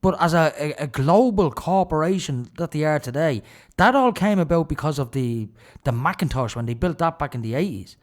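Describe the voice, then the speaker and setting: A man's voice: a little high, animated, normal speed, few pauses. Indignant Irish man ranting on radio. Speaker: radio show host. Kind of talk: solo opinion monologue.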